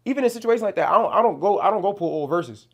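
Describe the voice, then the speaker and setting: Amid crowd noise, a young man with a high-pitched, lively voice races through a casual interview. He's a New Jersey rapper guest, loose and full of slang, swearing heavily and repeating "you know what I'm saying."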